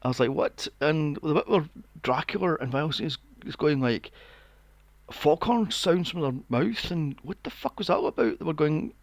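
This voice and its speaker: A man's voice: a little high, lively intonation, normal speed, dry recording. A man in his forties, co-hosting a podcast, ranting sarcastically and swearing while reviewing a movie. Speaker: podcast co-host. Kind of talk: casual movie review chat.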